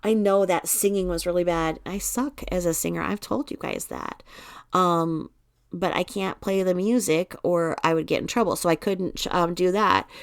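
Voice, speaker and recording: Gravelly-voiced blunt woman streamer. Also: fairly even intonation, normal speed, dry recording, studio quality. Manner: blunt, swears when annoyed, reads comments aloud; often drops to a low mutter while reading the screen. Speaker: true-crime video host. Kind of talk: casual live-stream talk.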